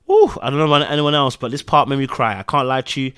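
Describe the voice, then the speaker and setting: A man hosting a casual TV recap, animated and repeating phrases for emphasis. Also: medium pitch, fast, dry recording, clean studio sound. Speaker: TV recap podcast host.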